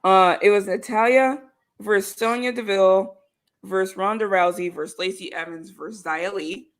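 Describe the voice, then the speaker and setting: A woman's voice: medium pitch, moderate pace. A woman co-hosting a casual wrestling podcast, chatty and rambling, reading viewer comments aloud. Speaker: podcast co-host. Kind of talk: casual chat about wrestling.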